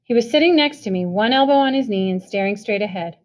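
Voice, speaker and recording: A woman reading a novel chapter aloud. She narrates evenly, in a storytelling manner. Her voice sits at a middling pitch. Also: animated, fast, a little mellow. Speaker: reader.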